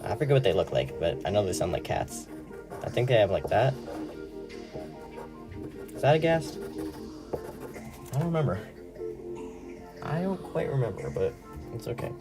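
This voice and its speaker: With music in the background, the young man draws on stream and talks in a fairly low, very animated voice, a little fast and with frequent pauses. His chat is rambling and giggly, full of jokes at his own expense.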